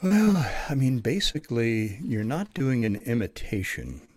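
A man who works as an audiobook narrator, talking in a relaxed, chatty interview manner with plenty of fillers. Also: mid-range voice, unhurried, dry recording. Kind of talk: casual interview talk.

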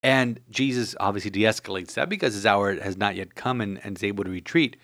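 A man's voice: on the low side, brisk, a bit bright, dry recording, studio quality. A man, a Catholic priest, giving an earnest homily with many "you know" fillers.

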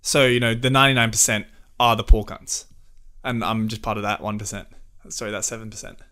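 A young man co-hosting a casual podcast chat, excitable and swearing in slangy banter. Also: on the low side, brisk, clear, resonant tone. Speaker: podcast co-host.

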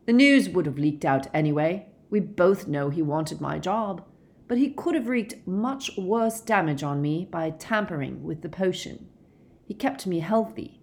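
A woman reading a calm, weary middle-aged werewolf man, measured and gentle in an audiobook. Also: lowish voice.

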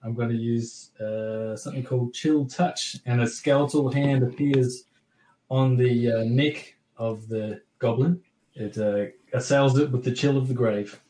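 A man's voice: mid-range voice, steady tone, a little slow, dark tone, a little hiss or hum. A man playing a tabletop game, describing his character's spell in an easygoing way. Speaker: player. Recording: roomy echo.

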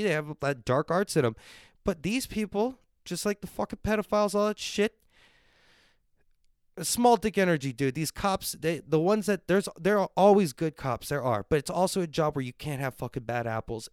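Guy ranting on his home podcast, cussing nonstop, smooth clean voice. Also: fairly high pitch, animated, moderate pace, no echo, studio quality. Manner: swears constantly, ranting and riled up; drinks on air and reads viewer comments. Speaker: podcast host. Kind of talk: profane livestream rant.

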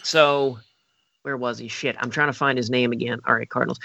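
A man's voice: medium pitch, fairly even intonation, a little fast, gravelly, pushed and bright, no room sound, muffled recording. A man on a podcast, thinking aloud in casual chat, with lots of fillers.

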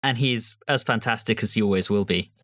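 A man's voice: on the low side, brisk, a bit bright, no echo, clean studio sound. A man co-hosting a podcast, chatting in an informative, wry way. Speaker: podcast co-host. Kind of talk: casual chat.

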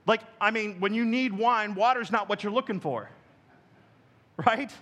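A pastor's high, fairly bright voice carries his church sermon at a measured pace, as he talks directly and conversationally to the congregation.

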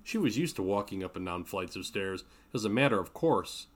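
A man reading his own novel aloud in a measured, steady narration. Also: fairly low pitch. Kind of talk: audiobook narration.

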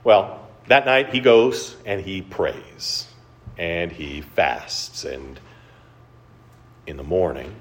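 A man preaching a conversational sermon, retelling a story with animated storytelling and frequent rhetorical questions. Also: deep voice, drawn-out words, long pauses. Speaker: pastor.

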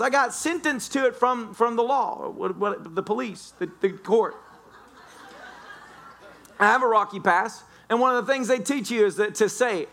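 A man preaching a lively sermon as pastor, laughing often and breaking into shouts. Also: very high voice. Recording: church sermon recording.

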